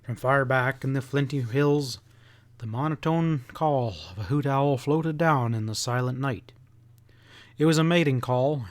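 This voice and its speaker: A man narrating an audiobook in a steady, unhurried storytelling manner. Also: medium pitch. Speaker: audiobook reader.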